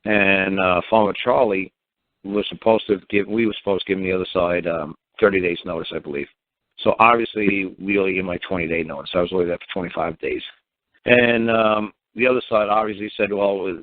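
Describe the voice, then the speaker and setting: A man's voice: deep voice, no echo. Man on a tinny phone line. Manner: rambling, mimics others' voices, emphatic. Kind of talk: animated storytelling.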